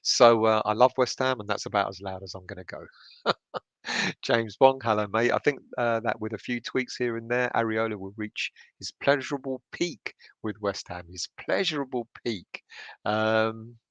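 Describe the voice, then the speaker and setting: A man's voice: lowish voice, moderate pace, a bit bright, dry recording, lo-fi sound. A middle-aged man hosts a late-night chat, keeping his voice down and swearing freely as he reads viewer comments. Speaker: fan channel host reading live chat. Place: home at night.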